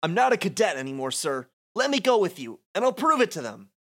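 A man doing an eager young soldier, pitched way up. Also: normal speed, vocal fry, pushed and bright, full character voice. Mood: pleading. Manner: high-pitched pleading, voice cracking upward. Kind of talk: casual read-aloud of a game script.

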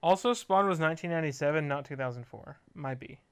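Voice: mid-range voice, fast talker, smooth. A podcast co-host in casual chat with a dry, joking delivery.

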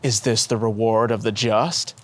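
A man voicing a gentle, affectionate young boy saint who speaks earnestly and kindly to an old friend. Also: on the low side, fairly even intonation, moderate pace.

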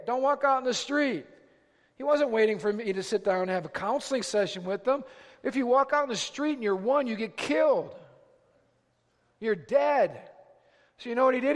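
High-voiced preacher in a reverberant hall. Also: male voice. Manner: impassioned preaching, swinging from hushed pleas to loud exhortation. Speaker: pastor. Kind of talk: sermon.

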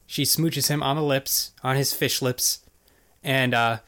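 A man's voice: mid-range voice, fairly even intonation, moderate pace, fairly bright tone. A man co-hosting a podcast, recapping a cartoon episode in casual, rambling chat full of "like" and "basically". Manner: rambling, filler-heavy storytelling. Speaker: podcast co-host.

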